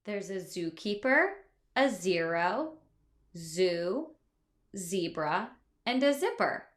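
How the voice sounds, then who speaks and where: A woman leads a phonics lesson for small children, taking her time as she models each sound. Her voice sits at an ordinary middle pitch, and she speaks in a patient, encouraging way. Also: sing-song, slow. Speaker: reading teacher.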